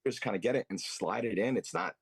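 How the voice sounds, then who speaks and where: A man as a guest angler, explaining in a relaxed, hesitant way with fillers. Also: medium pitch, fairly quick, gravelly, husky, no room sound. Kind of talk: casual interview chat.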